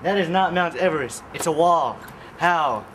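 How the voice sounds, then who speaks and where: A young man from California, deadpan and incredulous in a comedy sketch. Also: a little high, a little fast, soft background music. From Northern California. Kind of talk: comedy sketch, mock self-questioning. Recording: echoey room with clear noise.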